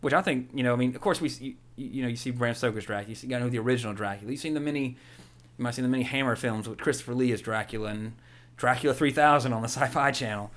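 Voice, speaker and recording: Fast-talking excitable young man. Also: medium pitch. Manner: rambling, excitable, quick with jokey impressions. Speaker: podcast co-host. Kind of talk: casual movie chat.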